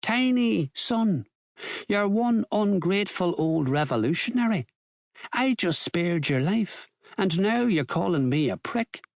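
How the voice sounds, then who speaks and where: A man's voice: high-pitched, animated, a little slow, gravelly, no echo, clean studio sound, pitched above the performer's own voice, heavily acted. A man voicing a cocky middle-aged thief who teases and mocks in a mock-posh manner.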